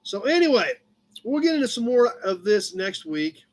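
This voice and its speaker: A man's voice: very high voice, very animated, moderate pace. A man hosting a casual live chat from his shop office, rambling through an old car magazine and chatting to his cat along the way. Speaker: livestream host.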